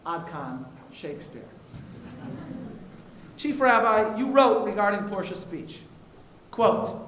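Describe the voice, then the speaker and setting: A man with a high voice moderates a university discussion, reading his prepared introduction and quotations with many "uh"s in between. The sound carries in a roomy auditorium with a faint hiss underneath. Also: fairly bright tone. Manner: reads quotes aloud with frequent "uh" fillers. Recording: echoey hall with faint noise.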